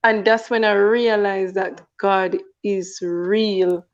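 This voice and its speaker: An earnest woman tells her personal story as a guest on a talk radio program. She often circles back and repeats phrases, and her pitch stays fairly level. The recording sounds muffled and lo-fi. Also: steady tone, slow pace. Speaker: guest sharing a testimony.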